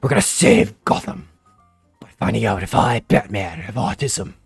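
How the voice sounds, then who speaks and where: A man doing a gruff Batman growl. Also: fairly low pitch, expressive, moderate pace, no echo, faint music behind, voice pushed down, exaggerated voice. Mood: grim. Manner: growled, hammy, yelling in panic. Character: gruff brooding male superhero vigilante.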